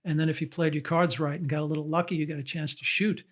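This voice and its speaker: A man's voice: a little high, level tone, quick pace. Scratchy-voiced older man giving earnest advice. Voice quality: scratchy, dry voice. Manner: earnest, repeats key advice for emphasis. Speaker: cinematographer guest. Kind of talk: reflective interview answers.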